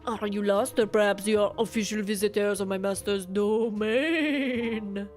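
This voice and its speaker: A woman voicing a haughty male dark mage with a put-on French accent, speaking slowly and formally in a fantasy game. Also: medium pitch, steady tone, soft background music, close to an everyday voice. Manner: haughty, drawn-out formal speech.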